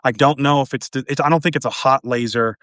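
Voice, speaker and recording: A man hosting a casual political discussion, rambling with frequent restarts and animated jokes. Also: mid-range voice, quick pace, no echo, studio quality. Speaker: podcast host.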